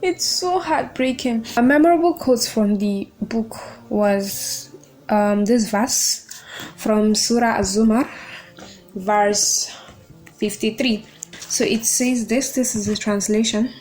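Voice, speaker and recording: A young woman with a slightly high voice talks through a book she loves on her podcast. She is openly emotional and gushing, with a casual, chatty delivery. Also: slow pace, a little mellow. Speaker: podcast host reviewing a book.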